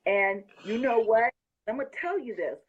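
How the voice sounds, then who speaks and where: A woman's voice: on the high side, expressive, moderate pace, husky, muffled recording. A woman hosting a casual talk, effusive and often laughing as she gushes. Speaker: host. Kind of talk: excited casual chat.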